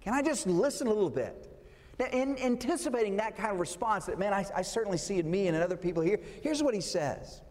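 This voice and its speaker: A man's voice: high-pitched, animated, fast talker, darkish tone, long reverb tail. A pastor preaching a conversational sermon, asking his listeners rhetorical questions.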